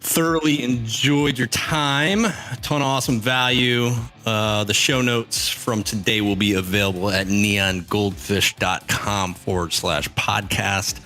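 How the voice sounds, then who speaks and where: A man's voice: fairly low pitch, steady tone, unhurried, bright, forceful tone. A man hosting a podcast, wrapping up the show with a friendly, upbeat sign-off. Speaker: podcast host. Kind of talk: podcast outro.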